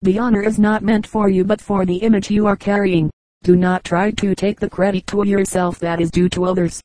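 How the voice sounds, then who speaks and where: A woman's voice: medium pitch, level tone, a little fast, warm tone, dry recording, natural voice, low-quality recording. A woman voicing a harsh male donkey driver scolding his animal. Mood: angry scolding.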